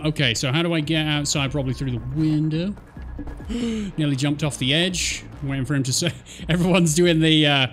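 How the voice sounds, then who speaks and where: A man giving jokey, excitable let's play commentary, swearing at the game as he plays. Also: a little high. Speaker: gaming streamer.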